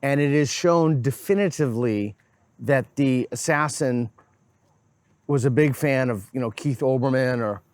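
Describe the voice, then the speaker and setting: Boston guy hosting a street chat, teasing and lively, pretty dry sound. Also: mid-range voice, measured pace, no echo. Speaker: host. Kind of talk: casual street interview. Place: outdoors on a college campus.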